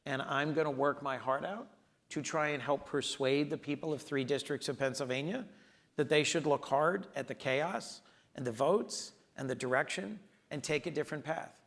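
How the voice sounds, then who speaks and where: A man in his sixties speaks as a senator at an onstage conversation, telling stories earnestly. His voice sits somewhat higher than most men's. His delivery is emphatic and sincere. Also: fairly bright tone. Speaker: US senator, interview guest.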